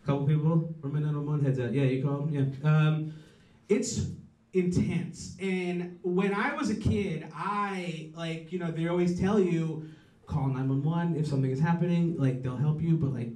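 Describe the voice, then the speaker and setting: A man doing a rambling, profane stand-up set with dark jokes. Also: a little high, normal speed, echoey room, recorded from a distance, low-quality recording. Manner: rambling, profane, darkly joking. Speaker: stand-up comedian.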